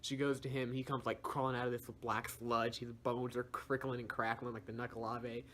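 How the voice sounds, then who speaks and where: A young man gives a loose, slangy recap of a story. He chuckles often and keeps the telling lively and informal. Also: mid-range voice, normal speed, slight background noise. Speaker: video reviewer. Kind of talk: casual plot recap.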